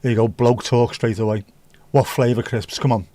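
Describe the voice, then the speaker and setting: This middle-aged livestream host chats casually, wandering off topic while reading out comments from viewers. His mid-range voice is mellow and steady, delivered at a moderate pace in a dry recording.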